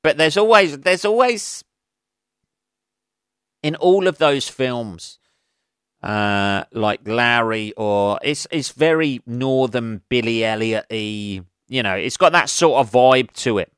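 A man's voice: medium pitch, expressive, slow pace, a bit bright, clear, resonant tone, dry recording. An English man, a comedian hosting his own podcast, rambling casually with lots of swearing and self-mocking asides into a close mic.

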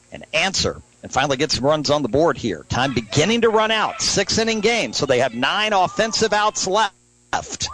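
A man calling a youth softball game live as a radio play-by-play announcer, brisk and lifting on big plays. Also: a little high, low-quality recording. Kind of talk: live sports play-by-play commentary.

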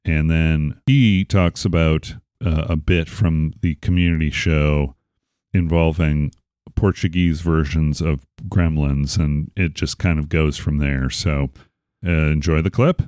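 A man's voice: a bass voice, steady tone, slow pace, darkish tone, dry recording, clean studio sound. A man hosting a podcast, chatting casually with a rambling, playful, self-correcting way of talking. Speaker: podcast host. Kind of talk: casual chat.

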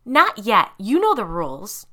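A woman's voice: medium pitch, huge pitch swings, unhurried, bright, forceful tone, pitched above the performer's own voice, full character voice. A woman voicing a girl who is secretly a hungry monster, teasing and growling. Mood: menacing.

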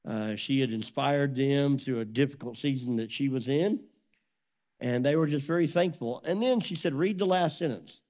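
A middle-aged man preaching a sermon as a pastor, telling a story with lively acted-out dialogue. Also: mid-range voice. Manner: animated storytelling, acts out dialogue.

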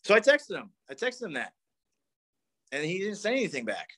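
A man's voice: high-pitched, huge pitch swings, normal speed, a bit bright. A man in his thirties telling a rambling, profane story at a recovery meeting. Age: 30s. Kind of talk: casual storytelling talk.

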